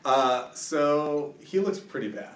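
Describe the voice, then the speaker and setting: A man's voice: on the high side, takes it slowly. A man running a tabletop game as dungeon master, narrating loosely with lots of fillers and laughs. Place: card shop. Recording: echoey room, mic far off, noisy.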